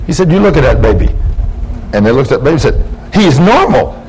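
A male preacher speaks rapid-fire in an animated, mid-range voice that's slightly mellow and breathy. Sermonizing to his congregation in church, he acts out his stories' dialogue with rising emphasis. The audio is poor.

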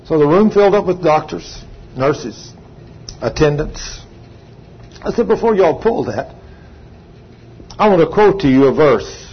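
Older male preacher, high-voiced, emphatic storytelling, slightly muffled recording. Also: expressive, husky. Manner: storytelling with emphatic, drawn-out phrases. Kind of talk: sermon testimony. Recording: slightly dull sound, faint background hum.

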